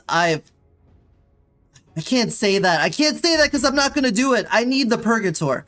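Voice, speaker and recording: This woman, a VTuber, streams gameplay and talks casually with viewers, exasperatedly pleading with the game. Her mid-range voice is a bit bright.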